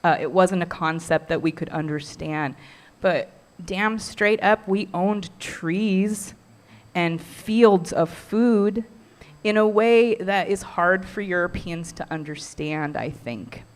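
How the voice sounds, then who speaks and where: A woman's voice: on the low side, slow pace. A middle-aged woman who weaves baskets, giving a heartfelt, earnest talk to a community workshop audience. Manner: heartfelt and earnest, with soft laughs.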